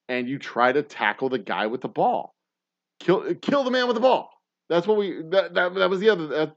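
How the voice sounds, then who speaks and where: Forties male host, loose profane rambler, animated delivery, dry muffled mic. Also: mid-range voice, dry recording. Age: 40s. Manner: rambling and profane, many restarts. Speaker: podcast host. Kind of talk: casual chat with live viewers. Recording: dull dry lo-fi sound.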